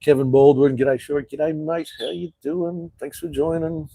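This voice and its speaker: Middle-aged Aussie bloke, live-chat host, blunt and sweary, relaxed mellow tone. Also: male voice, fairly high pitch, unhurried, gravelly, slightly rough, no room sound, poor audio. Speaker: livestream host. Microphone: phone or webcam livestream.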